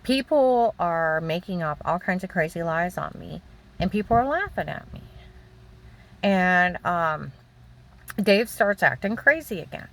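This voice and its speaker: A woman's voice: on the low side, expressive, a bit bright, slight background noise. An older woman giving a rambling, emotional personal testimony about her own life. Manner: rambling, emotional, halting storytelling.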